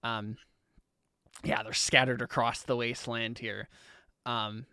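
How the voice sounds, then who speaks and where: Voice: mid-range voice, flat delivery, slow, bright, forceful tone, clean tone, dry recording. Game master for a tabletop game, casual and hesitant, mid-range voice, dry close sound. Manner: casual, hesitant, lots of fillers.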